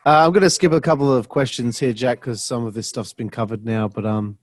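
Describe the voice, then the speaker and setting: A man's voice: medium pitch, steady tone, fairly quick, dry recording. A man co-hosting a podcast, asking a guest questions in a hesitant way full of fillers. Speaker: podcast co-host.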